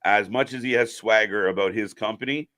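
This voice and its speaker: A man's voice: on the low side, a little fast, a bit bright. A man hosting a live wrestling stream, chatting casually, joking and speaking straight to viewers. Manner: jokey, addresses viewers directly. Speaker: host.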